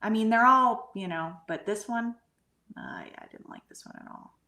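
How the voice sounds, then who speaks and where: A middle-aged woman telling a personal spiritual experience in an earnest way, sometimes sinking to a hushed whisper. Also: on the high side, very animated, moderate pace. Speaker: guest medium and energy healer. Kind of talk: conversational storytelling.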